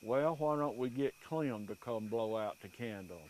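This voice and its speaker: A man voicing an old country wife who talks out of the side of her crooked mouth in a slow drawl. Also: medium pitch, darkish tone, close to an everyday voice. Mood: fussing.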